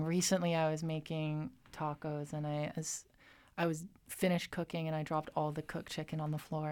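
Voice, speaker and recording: Campus radio host: a woman with a lowish, smooth voice, relaxed and chatty. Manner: chatty, relaxed, frequent fillers. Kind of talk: casual radio chat.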